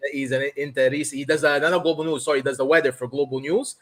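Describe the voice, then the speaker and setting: A man's voice: mid-range voice, quick pace. A man from Canada who co-hosts a podcast, chatting casually and telling profane stories, acting out the other people's lines. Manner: profane animated storyteller, acts out dialogue. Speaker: podcast co-host. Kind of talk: casual chat.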